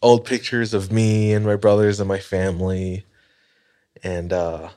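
A man in his early thirties from Hawaii, co-hosting a podcast and telling a story in a relaxed, rambling way. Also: lowish voice, a little slow. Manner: laid-back storytelling with fillers. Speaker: podcast co-host. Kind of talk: casual chat.

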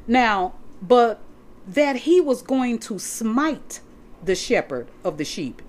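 A woman's voice: on the high side, big pitch swings, takes it slowly, darkish tone. A woman preaching a sermon to listeners she calls saints. She reads scripture aloud and explains it, stressing points by repeating words. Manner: reads scripture aloud from notes and flips pages.

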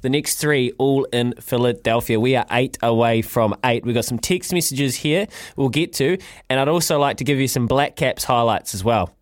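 A New Zealand man hosting a sports radio show, jovial and quick to laugh. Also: medium pitch, no echo, studio quality. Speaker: radio host.

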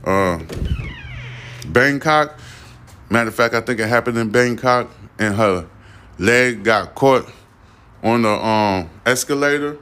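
Solo podcast host, man, loose and defiant, circles back on himself, mid pitch. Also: slow, long pauses, a bit bright, clear, resonant tone. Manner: rambling and defiant, repeating "you see what I'm saying". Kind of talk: casual solo podcast monologue.

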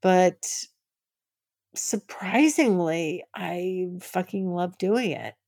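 Frank, giggly woman with a gravelly voice. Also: lowish voice, lively intonation, drawn-out words, darkish tone, no room sound, clean studio sound. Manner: frank, laughs often, gushing. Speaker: podcast host. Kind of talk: candid personal storytelling.

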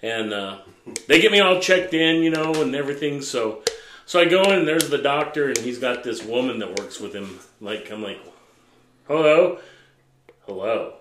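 A man's voice: medium pitch, normal speed, echoey room, slight background noise, low-quality recording. A man hosting a podcast, telling a crude story with lots of swearing, laughing as he goes among friends. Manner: profane, animated, laughing storyteller. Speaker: podcast host.

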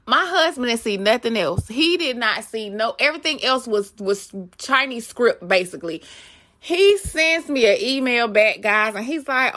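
A bright, ringing woman's voice hosts a casual podcast. She tells her stories in an animated, chatty way and keeps turning to talk straight to her listeners. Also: a little high, moderate pace. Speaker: podcast host.

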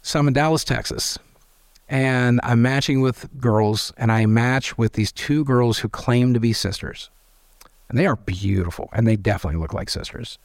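A man, telling candid stories as an interview guest, animated and swearing freely as he acts out quoted voices. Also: medium pitch, moderate pace, no room sound, studio quality. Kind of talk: candid storytelling.

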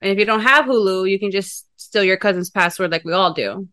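A woman chef as a podcast guest in casual chat, playful and teasing with quick short replies. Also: mid-range voice, pushed and bright, dry recording.

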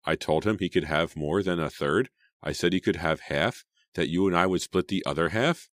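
A man voicing a frantic, desperate teenage girl in an audiobook, with a high, strained and pleading tone. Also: moderate pace, fairly bright tone, no echo, studio quality.

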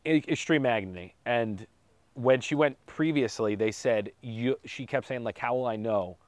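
On a podcast, a male co-host tells the long, rambling story of his daughter's birth, joking, correcting himself, and laughing lightly. His pitch is medium, his pace moderate, and there's no room sound.

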